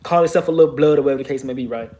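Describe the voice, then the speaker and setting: A man's voice: mid-range voice, very fast, mellow. A man, telling a story in an emphatic, profane, streetwise way. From Texas, USA. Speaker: vlogger. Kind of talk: casual storytelling monologue.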